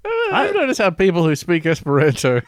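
A man's voice: high-pitched, wildly swooping pitch, brisk, no echo. A man co-hosting a comedy podcast, joking and reading out things he has looked up. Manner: jokey, looks things up and reads them out. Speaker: podcast co-host. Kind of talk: casual comedic chat.

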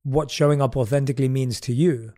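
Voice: medium pitch, fairly even intonation, a little fast. An interviewer asking casual questions and giving frequent short agreements. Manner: warm, affirming, with frequent short agreement sounds. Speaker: podcast interviewer.

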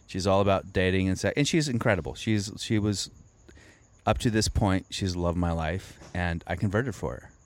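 Wry, low-voiced male comedian. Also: moderate pace. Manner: wry, self-deprecating storytelling. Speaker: comedian guest. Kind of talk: casual podcast interview.

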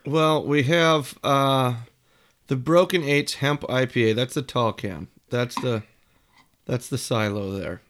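A man's voice: mid-range voice, takes it slowly, fairly bright tone. A man guesting on a casual podcast in a home basement, teasing and wry. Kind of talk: casual chat.

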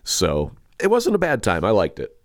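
A man's voice: on the low side, huge pitch swings, moderate pace, no echo, studio quality. A man co-hosting a podcast, chatting casually and rambling through a movie review with restarts. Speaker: podcast co-host. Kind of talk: casual chat.

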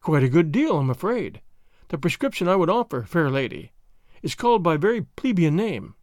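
Man voicing a sly French agent, quiet, sarcastic, mock-gallant, fairly high voice. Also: big pitch swings, a little fast, dry recording, studio quality. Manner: quiet, smooth, mockingly gallant. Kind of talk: audiobook character voice.

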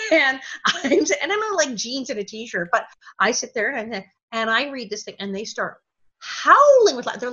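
Brief: woman in her sixties, higher bright voice, animated anecdote teller, slightly dull audio. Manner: animated, laughing, voices quotes. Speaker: guest, former child actor. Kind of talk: anecdotal storytelling.

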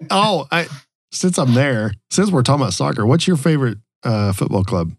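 A man's voice: medium pitch, expressive, normal speed, breathy edge. A man hosting a casual podcast over drinks, laughing often and teasing his guests. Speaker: podcast host.

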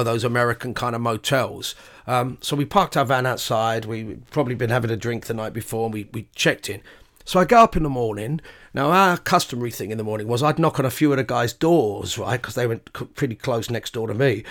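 A man's voice: mid-range voice, brisk, a bit bright. Rambling man telling a road story. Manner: rambling, self-correcting, chuckling asides. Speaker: podcast host and bandleader. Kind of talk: casual anecdotal storytelling.

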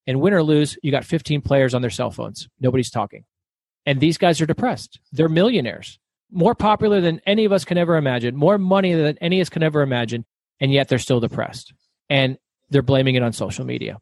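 A middle-aged man telling stories as a guest author in an interview, talking fast and loud. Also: on the high side, no room sound. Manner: fast, loud, animated storyteller. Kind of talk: storytelling interview.

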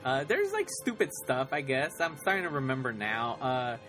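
A man chatting casually as a podcast co-host, rambling and excitable, laughing often. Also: mid-range voice, moderate pace, music in the background. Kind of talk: casual chat.

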